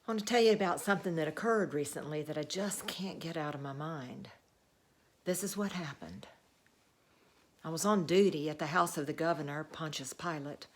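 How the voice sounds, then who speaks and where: Woman playing Roman centurion, commanding officer; earnest, measured first-person monologue, lowish voice. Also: lightly acted.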